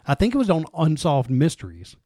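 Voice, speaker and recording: A man's voice: on the high side, huge pitch swings, a little fast, dark tone, dry recording, clean studio sound. A man co-hosting a casual podcast, telling a story in a loose, chatty way full of filler words. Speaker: podcast co-host.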